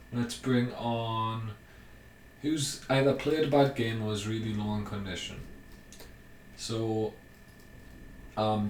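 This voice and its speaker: Young man thinking aloud in a roomy echo. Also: medium pitch. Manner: thinks aloud, rambling with ums, bursts of excitement at goals. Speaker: gaming YouTuber. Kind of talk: casual gameplay commentary. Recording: roomy, mic at a distance, faint hiss.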